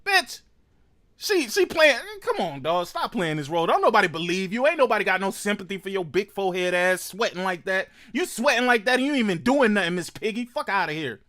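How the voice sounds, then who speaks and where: A man hosting a reaction commentary show, ranting loudly and mockingly with heavy profanity. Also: high-pitched, big pitch swings, fairly quick. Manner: loud, profane, mocking rants. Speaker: commentary host.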